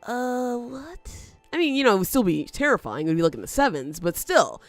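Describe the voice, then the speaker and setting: Lively woman chatting through gameplay. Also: fairly high pitch, fairly quick, dry recording, faint music behind. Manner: chatty, talks back to the game, laughs often. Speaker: let's play host. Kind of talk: gameplay commentary.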